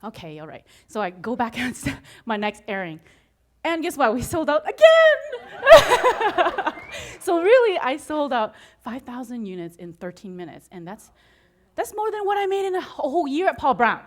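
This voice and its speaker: A woman giving an inspirational talk to an audience, telling her story with frequent laughter and acting out her own excited reactions. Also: on the high side, fairly quick. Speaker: motivational speaker.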